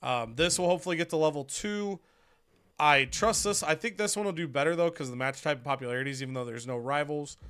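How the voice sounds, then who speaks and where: A man's voice: fairly high pitch, fast talker, a bit bright, clear, resonant tone. A man casually talking through his moves in a wrestling management game, chatty and joking at his own expense. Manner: chatty, jokey, self-mocking. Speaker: player and show host. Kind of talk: casual gaming commentary.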